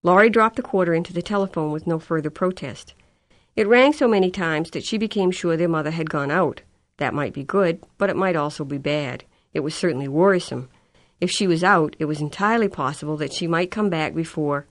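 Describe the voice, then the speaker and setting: An audiobook narrator reads a novel in a measured, even storytelling style. Her voice sits low, and the narration is scripted.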